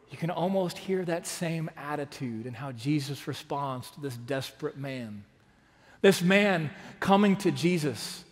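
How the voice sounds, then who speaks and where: A man from Texas preaching a sermon as pastor, earnest and full of rhetorical questions, rising to loud emphatic peaks and dropping to hushed asides. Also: a little high. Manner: asks the congregation rhetorical questions. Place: large church sanctuary. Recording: long reverb of a big sanctuary.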